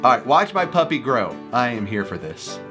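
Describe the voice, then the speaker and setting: A man chats playfully through a run of animal clips, laughing often. His voice swings widely up and down in pitch, and music plays clearly behind him. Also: sing-song, moderate pace. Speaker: reaction video host. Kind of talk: casual commentary. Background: music playing.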